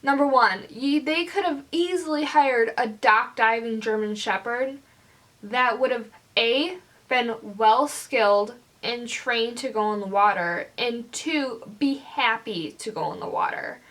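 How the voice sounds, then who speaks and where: A young woman vlogger ranting angrily to camera, swearing often and filling pauses with "like". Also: on the high side, fairly bright tone. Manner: heated, swearing, lots of fillers. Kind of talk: angry rant to camera.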